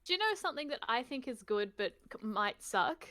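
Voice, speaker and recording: A woman's voice: fairly high pitch, big pitch swings, a little fast, sharp tone, no room sound. An Australian woman rambling in casual chat as a stream guest, giggly and full of "like".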